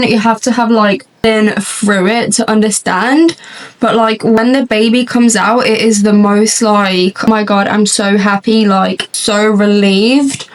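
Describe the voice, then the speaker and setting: This get-ready-with-me clip has a young beauty vlogger rambling through a long tale while putting on makeup, laughing often in a slightly high voice. She's far from the mic and a bit off it, and the sound is rough.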